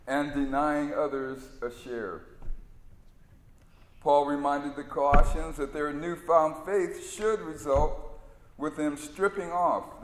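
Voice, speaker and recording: A male preacher giving a sermon in a conversational, storytelling way. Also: a little high. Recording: echoey hall reverb.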